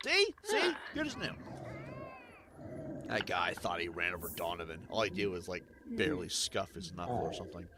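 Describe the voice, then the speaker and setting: A man giving casual gameplay commentary as a streamer, excitable and sarcastic, swearing and laughing often. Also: low voice, normal speed, crowd noise. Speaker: gaming streamer.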